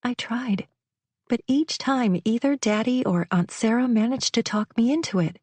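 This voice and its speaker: A woman's voice: on the high side, normal speed, a little mellow, no echo, pitched above the performer's own voice, close to an everyday voice. A woman voicing a polite, earnest young woman who speaks shyly. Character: young woman, polite, shy, runaway bride.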